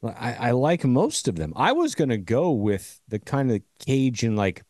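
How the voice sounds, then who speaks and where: A man co-hosting a sports podcast, telling stories in an animated way and swearing casually. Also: medium pitch, a little slow, dry recording, studio quality. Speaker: podcast co-host.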